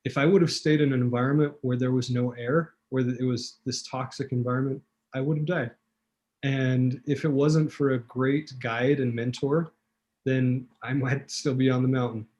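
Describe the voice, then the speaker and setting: A man's voice: mid-range voice, moderate pace. A man telling a vivid personal story as a talk show guest, acting out quotes, with fillers and restarts. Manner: animated storyteller, acts out quotes.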